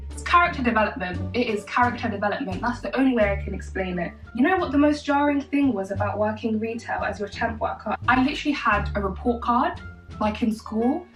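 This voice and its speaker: With a fairly high pitch and a brisk pace, a twenty-something vlogger tells a casual story while getting ready. She's chatty and sassy, dropping self-mocking asides. The recording has an echoey room, a far-off mic and faint music in the background.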